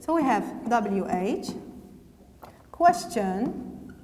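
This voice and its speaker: A woman with a Moroccan accent teaching English grammar to a class. She talks slowly and deliberately, repeats words and slips into French now and then. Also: fairly high pitch, big pitch swings, mellow, long reverb tail, a little hiss or hum.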